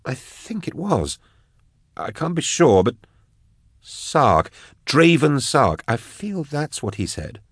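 A man's voice: medium pitch, big pitch swings, slow, slightly rough, dry recording, clean studio sound, pitched above the performer's own voice, full character voice. A man voicing a shaken older male scholar who hesitates and gropes for words. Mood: uneasy.

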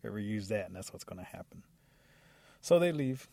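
Man, storyteller, gravelly, husky, lively folktale telling. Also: fairly low pitch, fairly quick, no room sound. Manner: lively, acts out characters with sound effects.

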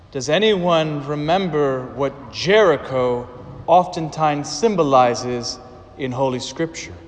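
A man delivers a sermon as a priest, speaking slowly and deliberately with dramatic pauses. His voice sits a bit high for a man. It rings with the long reverb of a large church.

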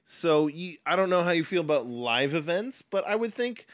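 Male podcast co-host, slightly high voice, blunt and crude, dry close mic. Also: big pitch swings, normal speed, dry recording. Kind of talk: casual chat.

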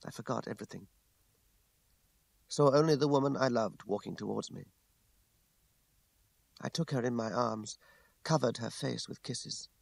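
A man reading a classic novel aloud in the first person, with measured, restrained narration. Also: mid-range voice, vocal fry, no room sound. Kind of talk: scripted audiobook narration.

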